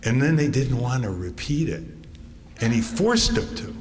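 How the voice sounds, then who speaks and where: A man in his eighties from Connecticut, giving a talk to an audience and telling wry family anecdotes with frequent pauses. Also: mid-range voice, very animated. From Connecticut, USA. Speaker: author giving a public talk. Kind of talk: storytelling speech to an audience. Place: theater stage. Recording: long theater reverb, faint noise.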